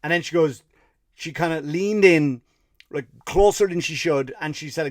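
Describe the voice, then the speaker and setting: A man's voice: a little high, normal speed, no room sound, studio quality. An Irish man who hosts a comedy podcast, telling a rambling story with profanity and fired-up rants. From Ireland. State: tired after running 50 miles (story).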